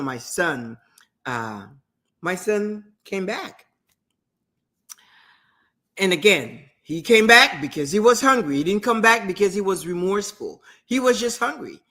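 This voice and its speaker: Slow-talking woman hosting a talk show. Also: fairly low pitch, fairly bright tone. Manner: conversational, many restarts and asides. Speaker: host. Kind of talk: retelling a parable in casual talk. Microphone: streamed talk show mic.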